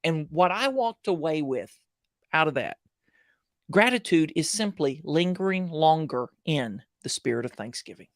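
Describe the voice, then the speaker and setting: A man's voice: a little high, normal speed, no room sound. Earnest man telling stories, dry close sound. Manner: earnest, animated storyteller who acts out quoted dialogue. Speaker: guest speaker on gratitude. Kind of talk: storytelling conversation on a livestream show.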